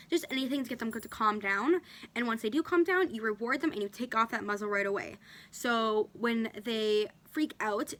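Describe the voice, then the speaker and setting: A woman's voice: a little high, a bit bright. A woman casually demonstrating dog training at home, explaining each step and talking to her dog along the way. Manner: chatty, talks to her dog between explanations. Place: indoors at home.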